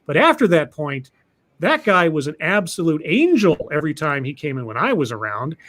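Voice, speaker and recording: A man's voice: a little high, big pitch swings, normal speed, fairly bright tone. A man hosting a podcast, telling a story casually, with many restarts and repeated words.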